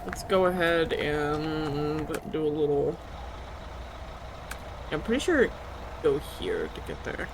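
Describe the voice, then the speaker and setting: A woman streamer talking through a cozy game in a chatty, giggly way, thinking out loud as she plays. Her voice moves up and down with lively pitch. A faint noise sits underneath. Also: slow pace, pauses often. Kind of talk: casual gameplay commentary.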